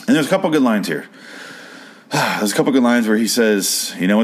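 A man's voice: fairly low pitch, expressive, normal speed, breathy edge. A man casually recapping a show's episode, profane and incredulous, prone to rambling rants.

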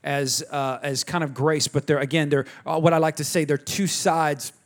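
A man's voice: on the high side, fairly even intonation, moderate pace. A man, preaching a sermon in a conversational way, telling family stories and talking to the congregation directly. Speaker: pastor.

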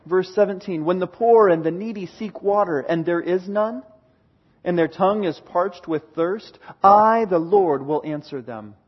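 Male preacher, higher pitch, husky, sermon delivery swinging from booming to hushed, dull lo-fi sound. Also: unhurried. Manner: reads scripture aloud with dramatic swings from booming to hushed.

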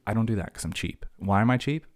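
A young man hosting a solo podcast, ranting fast and sarcastically, jumping from one tangent to the next. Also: fairly low pitch, no echo, clean studio sound. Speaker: podcast host.

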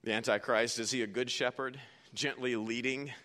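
A male pastor delivers a sermon with a bright, forward tone. He talks in a folksy way, mixing jokes with emphatic points. His pitch sits in a middle range for a man. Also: fairly even intonation, moderate pace.

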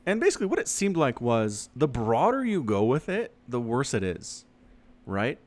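A man in his thirties co-hosting a podcast, chatting casually and animatedly, his voice leaping up when excited. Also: moderate pace. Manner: animated, jumps high in pitch when excited. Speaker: podcast co-host.

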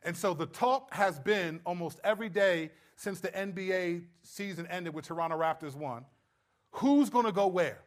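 Pastor, man: high-pitched, chatty preaching, often checking in with the room. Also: normal speed, few pauses. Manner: conversational, checks in with the audience often. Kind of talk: sermon.

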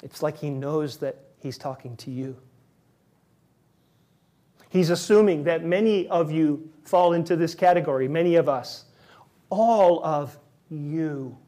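Male pastor, slightly high voice, relaxed conversational sermon delivery with emphatic repetition. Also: normal speed, long pauses. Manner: conversational, emphatic preaching with repeated words.

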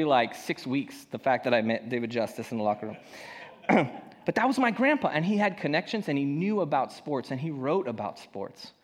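A young man preaching a sermon as a pastor, telling a personal story in a casual, self-deprecating way. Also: a little high. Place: church hall. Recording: long hall reverb.

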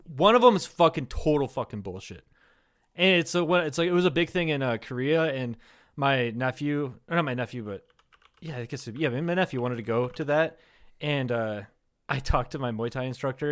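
A man's voice: mid-range voice, fairly quick, fairly bright tone. A man co-hosting a casual comedy podcast, telling crude, profane stories and laughing often. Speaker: podcast co-host.

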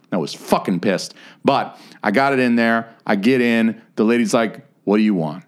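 A man co-hosting a podcast, telling a long story in casual chat, swearing constantly and getting animated. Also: fairly low pitch, a little fast, hardly any pauses. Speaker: podcast co-host.

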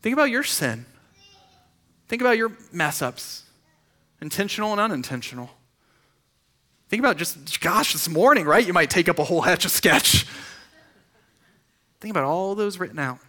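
A man delivers a sermon in an easy, conversational manner. His voice is bright and sits a touch high. He restarts phrases often and keeps asking the room questions. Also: big pitch swings, moderate pace, long pauses. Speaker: pastor.

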